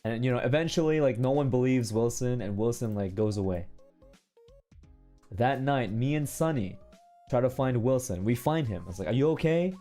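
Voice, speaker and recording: A man's voice: mid-range voice, normal speed, mellow, faint music behind. A male streamer telling a long story to his chat in a casual, rambling way, often checking in with "okay?" and "right?".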